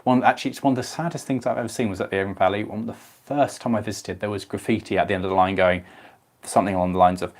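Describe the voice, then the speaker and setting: A man's voice: fairly low pitch, fast. Chatty young man live streaming. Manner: chatty, answers viewer comments by name. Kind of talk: casual live stream chat.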